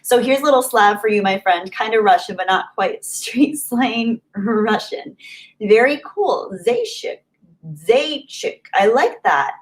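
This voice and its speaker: A young woman hosts her live stream in a relaxed, chatty way, laughing easily as she reacts to viewers. Her voice sits at an ordinary middle pitch, and her talk rambles freely with little polish. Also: a little slow, rough recording. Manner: chatty, giggly, off-the-cuff. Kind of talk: casual live-stream chat.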